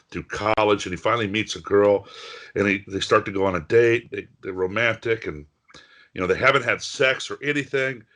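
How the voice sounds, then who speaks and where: A man telling a long joke in a podcast chat, animated and stumbling over his words as he goes. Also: on the low side. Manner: animated storyteller, restarts and stumbles.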